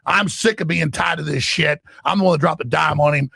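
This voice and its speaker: Gravelly ranting man, dry close sound. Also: on the high side, brisk, sharp tone, dry recording. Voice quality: gravelly, raspy. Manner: emphatic, acts out quoted voices. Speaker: talk show guest. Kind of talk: excited ranting monologue.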